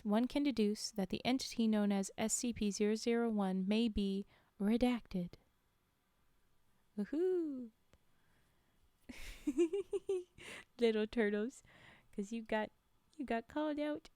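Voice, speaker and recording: A young woman streamer reading spooky stories aloud and chatting with viewers in giggly, animated asides. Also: a little high, normal speed, smooth, dry recording.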